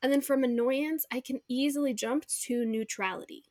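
A woman hosting a podcast in casual chat, candid and expressive, swearing freely and acting out her own inner voice. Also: high voice, normal speed, no echo, studio quality. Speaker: podcast host.

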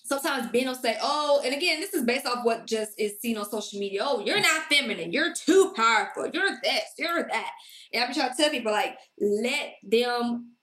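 A woman's voice: fairly high pitch, lively intonation, moderate pace, fairly bright tone. A woman hosting a casual podcast, talking confidently and telling stories. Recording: echoey room.

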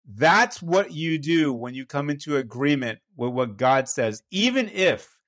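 A man with a slightly higher voice than most, speaking as a pastor. He tells a personal story in a casual, self-deprecating way, often tossing in "right?" to check in with his listener. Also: expressive, measured pace, a bit bright.

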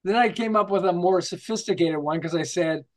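A man with a fairly high voice tells stories as a guest in an interview. He is animated and acts out little scenes, jumping from joke to example and starting his sentences over as he talks. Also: a little fast. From United States. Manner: rambling with restarts, tells jokes. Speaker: guest, marketing author. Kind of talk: storytelling interview.

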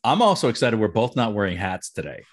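Chatty, excitable middle-aged man podcaster. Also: on the low side, quick pace, husky. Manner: chatty, laughs often, excitable. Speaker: podcast co-host. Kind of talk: casual chat.

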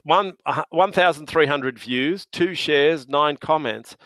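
A man's voice: fairly high pitch, takes it slowly, a bit bright, no echo. A middle-aged Australian man, a podcast guest, chatting casually and telling stories with a laugh and plenty of slang. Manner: jovial, laughing storyteller with slang. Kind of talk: casual chat.

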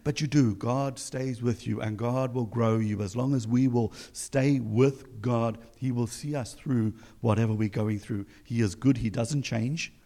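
A man's voice: medium pitch, fairly even intonation, a little slow, few pauses, mellow. A man with a South African accent preaching an encouraging sermon as pastor, full of emphatic rhetorical questions.

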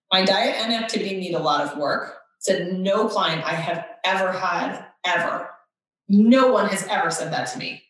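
A woman's voice: mid-range voice, a bit bright. Sarcastic chatty woman in an echoey room. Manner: sarcastic, chatty, reads questions aloud with asides. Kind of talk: casual chat. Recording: echoey room, somewhat far from mic.

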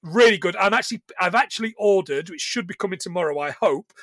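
A man's voice: high voice, quick pace, fairly bright tone. A man co-hosting a podcast in a casual, rambling, joking chat. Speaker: podcast co-host.

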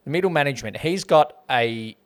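A man's voice: a little high, animated. A man co-hosting a podcast, chatting casually and joking as he rates a film. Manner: joking, rambling, quick to laugh. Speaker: podcast co-host. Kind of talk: casual chat.

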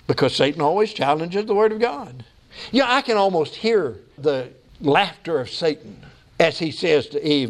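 Older male pastor, sermon delivery, high voice, emphatic questions and homespun asides. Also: sing-song, moderate pace. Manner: preaching with rising emphatic questions and folksy asides.

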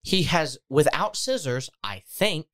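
A man telling a story in casual chat, animated and laughing often. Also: on the high side, slow.

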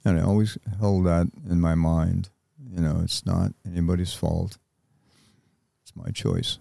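Older man, American, very deep voice, gravelly, halting reflective interview talk. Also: lively intonation, mellow, no echo. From United States. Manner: halting, reflective, with many pauses. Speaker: interview guest, Vietnam veteran.

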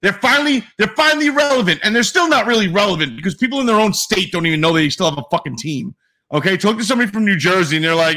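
A man's voice: high-pitched, lively intonation, fast, pushed and bright. A young man co-hosting a casual sports podcast, ranting with profane, jokey exaggeration. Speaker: podcast co-host.

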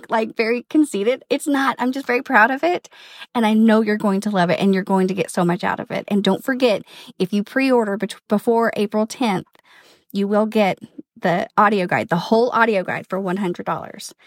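A woman talking casually in a storytime vlog from her car, chatty, emphatic and excited. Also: medium pitch, brisk, no room sound, studio quality. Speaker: vlogger, home organizer. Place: inside a parked car.

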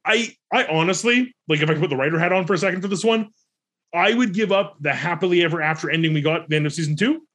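A man with a slightly high voice co-hosts a casual podcast. He talks in an opinionated, animated way and laughs often. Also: fast. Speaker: podcast co-host. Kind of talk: casual chat.

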